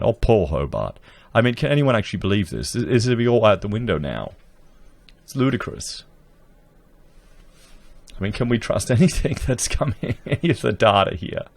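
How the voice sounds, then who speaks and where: A man's voice: fairly low pitch, dry recording. Sarcastic man hosting commentary. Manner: sarcastic, talks to viewers as guys. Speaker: commentary channel host. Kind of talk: casual commentary reading news aloud. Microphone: desk podcast mic.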